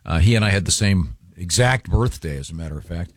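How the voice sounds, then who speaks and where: A man's voice: deep voice, animated, brisk, no echo. A man hosting a talk show, chatting casually with chuckles and rambling asides. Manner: rambling, chuckling, many fillers. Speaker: radio show host. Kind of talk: casual chat.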